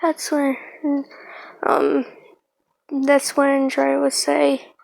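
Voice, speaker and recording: Woman, high flat voice, improvised fan-story teller, halting and rambly. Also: vocal fry, no room sound, rough recording. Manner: halting and rambling, with many fillers and self-corrections. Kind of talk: improvised fan-fiction retelling.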